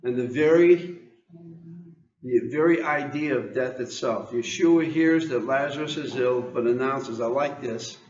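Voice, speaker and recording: A man's voice: mid-range voice, measured pace, darkish tone, reverberant, muffled recording. An American man preaching an informal sermon, reading scripture and asking the congregation questions, often repeating words as he goes.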